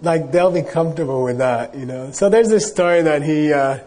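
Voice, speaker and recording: Mellow, husky Buddhist teacher. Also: male voice, on the high side, moderate pace. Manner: casual, rambling, many fillers. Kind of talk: dharma talk storytelling.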